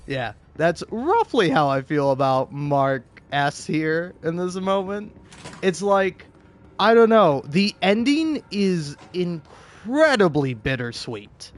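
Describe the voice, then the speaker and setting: A male vlogger rambles through an emotional monologue, restarting his sentences and swearing as he goes. His voice sits a little high, and his overall pace is slow and unhurried. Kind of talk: casual opinion monologue.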